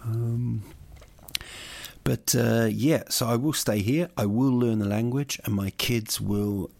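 A man hosts a podcast alone, wandering from one joke to the next with playful asides. His middling voice carries a gravelly edge. The sound is close and dry, with no room around it. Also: mid-range voice, measured pace, darkish tone, no room sound. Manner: rambling, jokey, playful asides. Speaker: podcast host. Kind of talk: rambling solo podcast monologue. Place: lives in Sweden.

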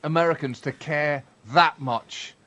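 A man's voice: a little high, fairly even intonation, a little slow, bright, forceful tone. A man co-hosting a podcast, making an emphatic, hectoring point.

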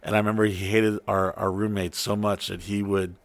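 A man's voice: fairly low pitch, a little fast, no echo. A man telling stories in casual chat, swearing often and acting out the people he quotes. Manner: profane, animated, acts out quotes.

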